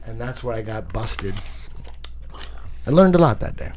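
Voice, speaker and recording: A man telling crude stories in a casual chat, profane and animated, punching them up with sound effects. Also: on the low side, measured pace, slight background noise. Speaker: podcast guest.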